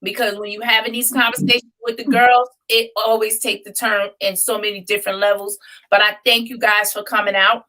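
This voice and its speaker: A woman hosting a livestream and wrapping up a casual chat in a relaxed, chatty way. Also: mid-range voice, brisk, low-quality recording. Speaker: livestream host.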